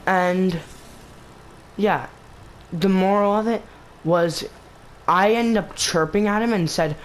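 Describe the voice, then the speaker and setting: A man's voice: high-pitched, slow, pauses often, slight background noise, low-quality recording. Rambling young-sounding guy telling a gaming story. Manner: rambling, filler-heavy retelling with lots of "basically" and "like". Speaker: gaming channel host. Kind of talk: casual storytime vlog.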